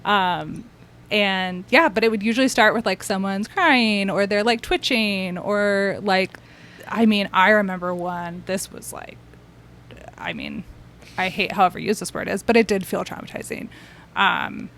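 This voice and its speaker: A woman's voice: mid-range voice, measured pace, a bit bright, slight background noise. A woman who works as a therapist, a podcast guest telling her story in a casual, chatty way with lots of fillers and restarts.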